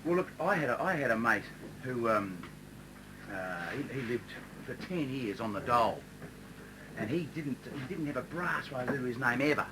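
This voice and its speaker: A man's voice: mid-range voice, lively intonation, normal speed, background noise. A man telling a rambling comic story on stage in an amateur comedy show, full of hesitations. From Australia. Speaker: performer telling a joke.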